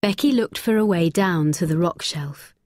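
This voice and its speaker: A woman narrating a graded-reader story slowly, clearly and expressively. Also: fairly low pitch, a little mellow, dry recording, clean studio sound.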